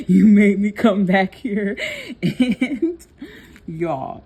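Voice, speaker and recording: A woman's voice: medium pitch, animated, extremely slow, a little mellow, husky. A young woman nail technician telling a personal story in a chatty, laughing vlog style, talking to viewers as y'all.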